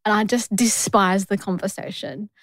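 An Australian woman co-hosting a casual podcast, telling travel stories in a lively way and acting out the people she quotes. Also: moderate pace, no echo. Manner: animated storyteller, acts out quoted people with rising pitch. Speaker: podcast co-host. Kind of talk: casual conversational podcast chat.

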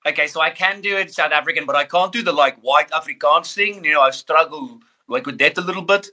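Australian man, very bright voice, animated storyteller, casual chat over a video call. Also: on the high side, a little fast. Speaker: podcast guest.

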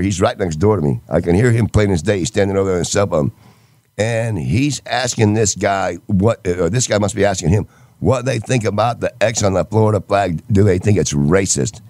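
A man's voice: fairly low pitch, fairly quick, darkish tone, no echo, clean studio sound. A man from Michigan in casual chat, telling rambling stories with restarts. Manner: rambling storyteller with stops and restarts.

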